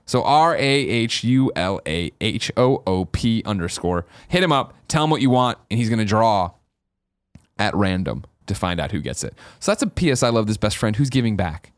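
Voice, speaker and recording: A man co-hosting a podcast in casual chat, animated and swearing freely. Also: on the low side, moderate pace, no echo, clean studio sound. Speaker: podcast co-host.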